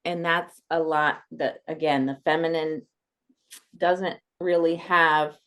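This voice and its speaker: A woman coach talking as a guest in a casual podcast conversation, animated and quick to act out what people say. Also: low-pitched. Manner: animated, acts out quoted voices.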